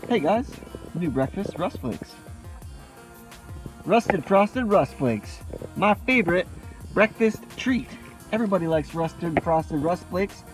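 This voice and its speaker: A man putting on the voice of a peppy male cereal commercial announcer, raised high and bright. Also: expressive, takes it slowly, pauses often, faint music behind, rough recording. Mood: chirpy. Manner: peppy sales pitch.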